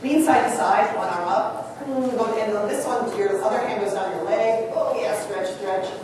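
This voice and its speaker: Energetic woman clinician, chatty coaching tone, recorded at a distance in a very echoey hall. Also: mid-range voice, moderate pace. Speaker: choral clinician leading a workshop. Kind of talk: live workshop instruction to choir directors. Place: large conference hall. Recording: distant voice in a big echoing hall with room noise.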